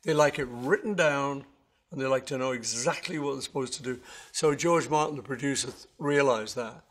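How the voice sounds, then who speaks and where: A man being interviewed about his songs, telling stories in a relaxed, rambling way with many self-corrections. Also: mid-range voice, moderate pace. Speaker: interviewee musician. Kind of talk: casual anecdotal storytelling.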